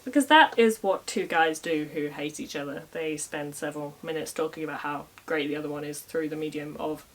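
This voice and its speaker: A woman's voice: low voice, brisk, few pauses. A woman casually retelling a medieval story with wry, irreverent asides in modern slang.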